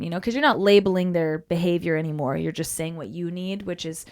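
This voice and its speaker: A woman's voice: fairly low pitch, a little fast, darkish tone. A woman in casual talk about relationships who earnestly acts out the lines she quotes. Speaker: co-host.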